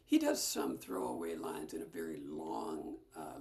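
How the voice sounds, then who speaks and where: A woman leading a casual ukulele lesson, explaining chords in a soft, half-whispered way. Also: very deep voice, steady tone, unhurried, hardly any pauses, soft background music. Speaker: ukulele teacher. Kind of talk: casual music lesson with singing.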